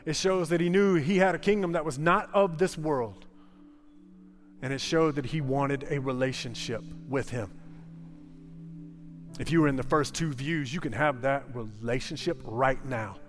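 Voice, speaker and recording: A man's voice: mid-range voice, moderate pace, soft background music. Impassioned man preaching in a reverberant church. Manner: impassioned, repetitive preaching cadence. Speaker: pastor. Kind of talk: sermon. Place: church sanctuary.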